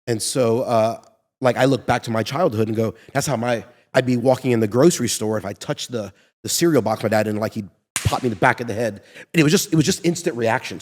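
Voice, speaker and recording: Man, podcast co-host, earnest, personal, medium pitch, long room reverb. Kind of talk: casual discussion.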